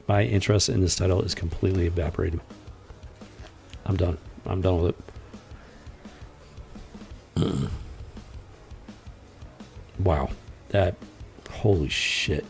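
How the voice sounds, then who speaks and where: A man's voice: low voice, gravelly, a little mellow. A man hosting a casual comic book commentary, exasperated and blunt, swearing freely and often stumbling over his restarts. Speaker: host.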